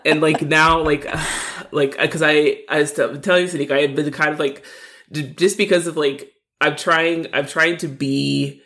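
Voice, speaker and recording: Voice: mid-range voice, steady tone, normal speed, a bit bright. A podcast co-host venting frustration in a rambling casual chat, full of fillers.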